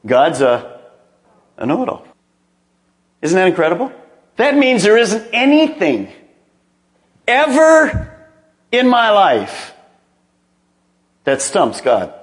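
A man's voice: sits high, wildly swooping pitch, takes it slowly, pauses often. A middle-aged male pastor preaching a sermon, emphatic and calling on the congregation to repeat phrases after him. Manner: emphatic, calls for congregation responses.

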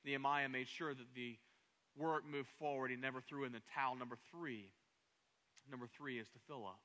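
A man's voice: mid-range voice, steady tone, fairly quick, pushed and bright. A man in his thirties preaching a sermon as pastor, emphatic, repeating words and building to raised, passionate runs.

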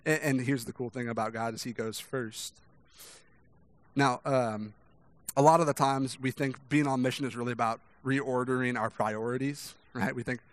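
A young man preaching in a loose, conversational style, full of restarts and little "right?" check-ins. He acts out quoted people with big jumps in pitch and loudness. The recording is dry and close, with hardly any room sound. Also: steady tone, normal speed, no echo. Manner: conversational, many restarts and "right?" tag questions; acts out quoted voices with sharp rises in pitch and volume. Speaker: pastor. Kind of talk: sermon.

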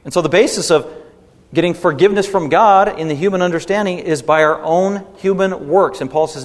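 A man's voice: sits high, fairly quick. A man preaching a sermon in an emphatic style, his stresses rising and swelling. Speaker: pastor. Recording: long hall reverb.

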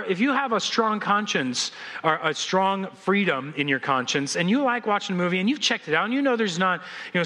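High, bright-voiced pastor, animated sermon storyteller, trips over and restarts words. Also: male voice.

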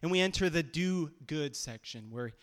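A man's voice: a little high, expressive, moderate pace. Conversational male preacher in a reverberant hall. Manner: conversational, emphatic, with restarts. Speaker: pastor. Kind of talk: sermon.

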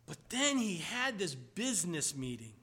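A man preaches a sermon, telling stories with emphatic exclamations. His voice is high for a man and bright, with a sharp edge. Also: sing-song, unhurried.

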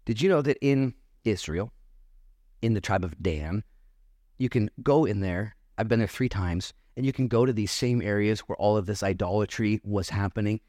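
A man's voice: lowish voice, darkish tone, dry recording, studio quality. A male pastor giving a sermon in church, reading scripture aloud and then riffing on it in a casual, joking way. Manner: casual, joking preacher who reads scripture then riffs.

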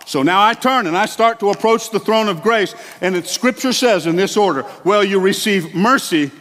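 High-voiced man preaching in echoing hall. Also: normal speed, few pauses. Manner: animated preaching with conversational asides and exclamations. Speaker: pastor. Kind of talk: sermon. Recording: long hall reverb.

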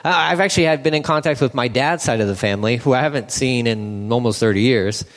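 A man's voice: medium pitch, quick pace. A man preaching a sermon as pastor, earnest, repeating phrases for emphasis and stumbling over restarts. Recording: long hall reverb.

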